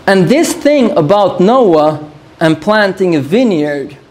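Slow, thoughtful male Bible teacher. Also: high-pitched, darkish tone. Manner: thoughtful, musing aloud, repeats phrases. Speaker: preacher. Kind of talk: sermon-style Bible teaching.

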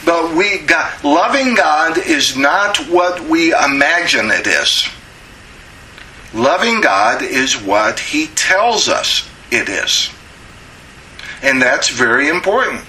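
Man teaching a bright, conversational Bible study. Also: fairly high pitch, very animated, slow, slight background noise, rough recording. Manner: conversational, with frequent "uh" restarts and rhetorical questions. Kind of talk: sermon-style Bible teaching.

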